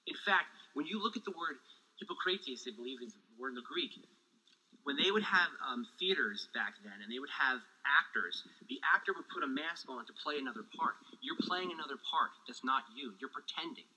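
A man preaching a sermon with lively energy, joking asides and heat, sweating as he talks. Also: on the high side, a little fast, low-quality recording. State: sweating, overheated. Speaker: pastor.

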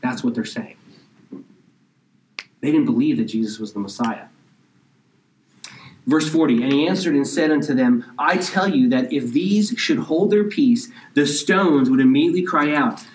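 A man preaching a sermon, reading scripture slowly and explaining it in casual asides, now and then dropping almost to a whisper. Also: mid-range voice, recorded from a distance, a little hiss or hum, low-quality recording. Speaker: pastor.

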